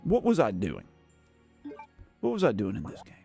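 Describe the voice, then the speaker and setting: A man's voice: lowish voice, huge pitch swings, moderate pace, creaky, mellow, soft background music. A man hosting a casual gameplay livestream, rambling and self-mocking as he chats, tired and worn out. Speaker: gaming livestream host. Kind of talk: casual live gameplay chat.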